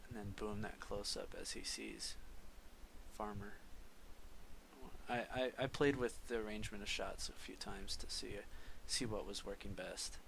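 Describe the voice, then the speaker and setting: A young man casually talking through and pitching a storyboard scene, narrating the actions as he goes. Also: steady tone, unhurried, creaky, a bit bright, slight background noise, poor audio. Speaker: storyboard artist.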